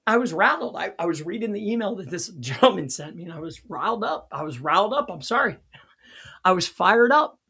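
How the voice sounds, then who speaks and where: A man hosting a casual live teaching stream as a consultant, talking in an excitable, rambling way, laughing at his own jokes, his voice sounding strained. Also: high-pitched, a little fast, creaky, husky. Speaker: local SEO consultant and livestream host.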